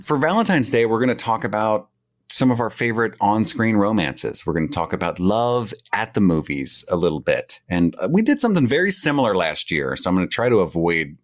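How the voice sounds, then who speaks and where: A man's voice: fairly low pitch, big pitch swings, brisk. A man co-hosting a podcast, joking and riffing casually with laughing asides. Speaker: podcast co-host. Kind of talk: casual chat.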